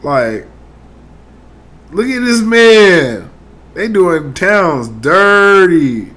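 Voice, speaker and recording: A man's voice: sits high, sing-song, drawn-out words, a bit bright. A man casually reacting to online clips in a slangy, amused, laid-back way.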